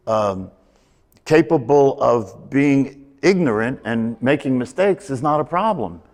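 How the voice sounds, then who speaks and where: A man teaching a meditation class, talking things through in a repetitive, emphatic way and often putting questions to his listeners. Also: mid-range voice. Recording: long hall reverb.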